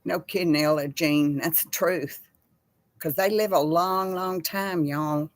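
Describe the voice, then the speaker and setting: Chatty rambling woman host, low-pitched. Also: steady tone, a little slow, no room sound. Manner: rambling, chatty, laughs easily. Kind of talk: casual livestream chat reading comments.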